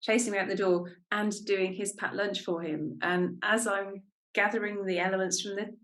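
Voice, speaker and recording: A woman's voice: medium pitch, steady tone, moderate pace, a bit bright. A woman co-hosting a podcast, candidly sharing a personal story in a self-reflective, casual chat. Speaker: podcast co-host.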